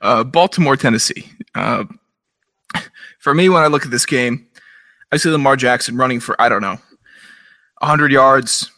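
A man co-hosting a casual sports podcast, joking and excitable, laughing often as he makes his game picks. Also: medium pitch, normal speed, long pauses. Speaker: podcast co-host.

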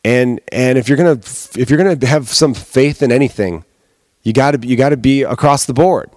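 A man's voice: mid-range voice, moderate pace, a little mellow, no room sound, clean studio sound. A man hosting his own podcast as a comedian, ranting casually and heatedly with plenty of swearing. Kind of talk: casual solo podcast rant.

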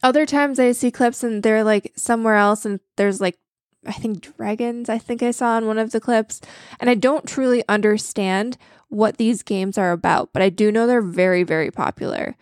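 A woman's voice: on the high side, moderate pace, no room sound, studio quality. A woman co-hosting a casual gaming podcast, chatty and candid, often laughing at herself. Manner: chatty, self-deprecating, candid. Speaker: podcast co-host. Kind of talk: casual chat.

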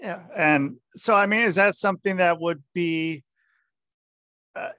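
A man hosting a podcast interview, asking halting, loosely phrased questions. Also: sits high, pushed and bright, no echo. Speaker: podcast host. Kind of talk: casual interview chat.

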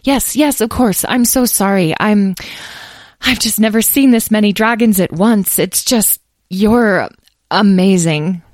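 An excitable young woman who adores dragons, her voice lifted higher and tumbling over itself, as a woman reads her in a storybook. Gentle at heart, a little breathless, recorded dry and close. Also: measured pace, no room sound. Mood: eager. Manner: breathless, gushing.

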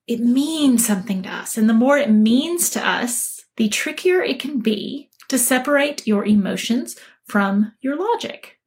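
A woman coaching listeners in an earnest, emphatic talk, acting out the quoted voices of others. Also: on the high side. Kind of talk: motivational talk to camera.

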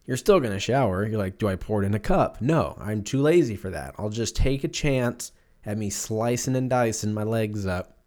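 Male podcast host, 30s, lowish voice, rambling and swearing through offhand jokes. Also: animated, normal speed, darkish tone. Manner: loose, profane, jokey storytelling. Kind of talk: casual solo podcast rambling.

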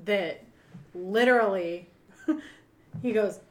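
Woman co-host, higher voice, eager trivia teller, roomy sound. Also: measured pace. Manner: excited, animated storyteller, swears freely. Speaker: podcast co-host. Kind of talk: casual chat. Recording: roomy echo.

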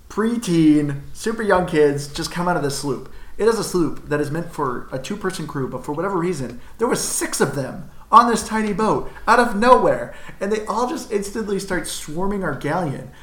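A man telling a gaming story quickly in casual chat, laughing as he goes. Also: high voice, expressive, fairly bright tone. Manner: fast, laughing anecdotes with put-on voices. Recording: echoey room.

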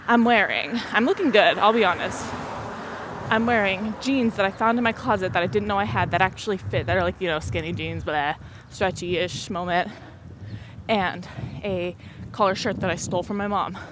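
A woman's voice: medium pitch, normal speed, noisy background. A young woman in her twenties hosting a podcast in a rambling casual chat, laughing often and a bit out of breath. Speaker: podcast host.

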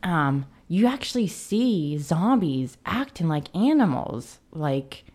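A woman with a notably deep voice co-hosts a podcast, talking casually. She hesitates and repeats words as she starts each thought. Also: very animated, takes it slowly, a little mellow. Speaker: podcast co-host. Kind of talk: casual chat.

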